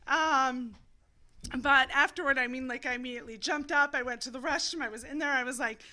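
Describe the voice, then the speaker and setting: A woman's voice: sits high, moderate pace, pauses often. A woman co-hosting a casual chat, telling stories with lots of laughs and animation. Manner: giggly, animated storytelling. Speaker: podcast co-host.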